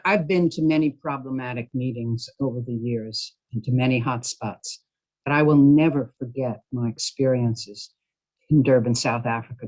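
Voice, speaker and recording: Man, panelist, earnest, measured, mid-pitched voice. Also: rough recording. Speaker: panel speaker. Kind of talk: panel remarks.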